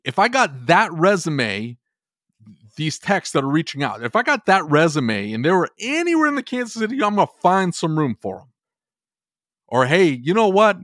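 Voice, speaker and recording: A man with a fairly high voice that swings wildly up and down as he vents, exasperated and heated, swearing in a casual way. His voice is close and dry, with no room sound around it. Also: huge pitch swings, moderate pace, fairly bright tone, no room sound. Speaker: podcast co-host. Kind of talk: animated ranting podcast conversation.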